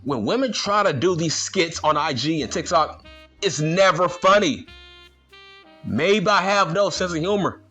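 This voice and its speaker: A man's voice: a little high, expressive, measured pace, bright, forceful tone, slightly rough, soft background music. A man ranting in a vlog, indignant and slangy, firing the same rhetorical questions again and again. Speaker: vlogger.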